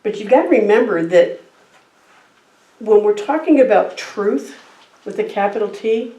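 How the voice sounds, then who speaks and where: A woman's voice: mid-range voice, expressive, measured pace, mellow. A middle-aged woman giving a sermon, telling a personal story in a conversational, easygoing way. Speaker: guest speaker. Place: church sanctuary. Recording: roomy distant church mic.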